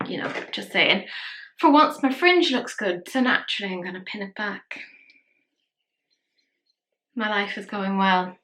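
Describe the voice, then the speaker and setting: A woman in her thirties talks through a makeup tutorial in a casual, chatty way. She keeps a middle pitch and teases herself as she goes. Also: measured pace, long pauses, a bit bright. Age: 30s. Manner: chatty, playful and self-mocking. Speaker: makeup vlogger.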